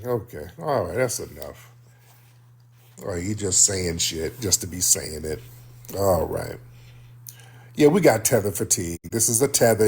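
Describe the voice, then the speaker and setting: A man's voice: lowish voice, darkish tone, slightly rough. A man hosting a heated live-stream call-in debate, blunt and combative, talking over his callers. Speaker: livestream host.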